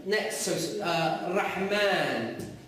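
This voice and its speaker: A man teaching a class, explaining words and questioning his students in a lively way. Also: high voice, extremely slow, noisy background. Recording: echoey classroom recorded from far off.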